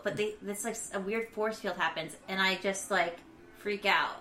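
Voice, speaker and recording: A woman's voice: mid-range voice, normal speed, faint music behind. A woman co-hosting a podcast, chatting casually and reading out questions in a studio. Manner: chatty, animated storytelling.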